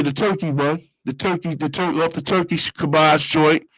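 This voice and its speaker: Casting: man, raised-pitch voice, streetwise slang, repetitive casual storytelling, dry close mic. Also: steady tone, normal speed, few pauses, fairly bright tone, no room sound, poor audio. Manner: streetwise slang, repeats phrases, loose storytelling. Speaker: show host. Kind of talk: casual monologue.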